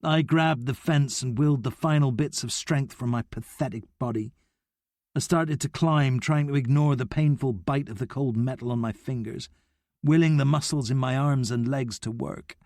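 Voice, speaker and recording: A man reading a novel aloud in a measured, steady first-person narration. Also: mid-range voice, no echo, clean studio sound. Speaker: audiobook narrator.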